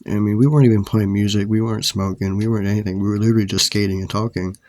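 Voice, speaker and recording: A man's voice: lowish voice, steady tone, very fast, darkish tone, slight background noise. A man telling a story from his own life in a casual, rambling, profane way, with many "like" fillers.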